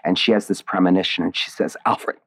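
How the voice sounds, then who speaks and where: A man with a very low, deep voice speaks in a relaxed interview. He talks reflectively and digressively, circling back and restarting his thoughts as he explains his work. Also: fast talker, gravelly. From Indiana, USA. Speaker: playwright and author being interviewed. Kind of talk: casual interview conversation.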